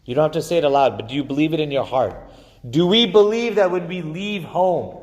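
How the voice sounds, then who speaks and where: A man giving a Friday sermon, preaching with passion, slowing and swelling for emphasis and chanting Arabic phrases. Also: on the high side, a little mellow. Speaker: imam giving Friday khutbah. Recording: long hall reverb.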